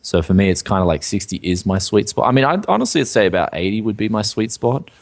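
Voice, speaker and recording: A man's voice: fairly low pitch, big pitch swings, fast talker, creaky. A man co-hosting a casual tech news show, laid-back and rambling, filling gaps with "yeah". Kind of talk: casual tech podcast chat.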